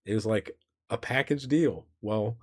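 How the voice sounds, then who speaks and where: A man's voice: fairly low pitch, measured pace, slightly rough. A male streamer telling a rambling story casually, laughing often and correcting himself.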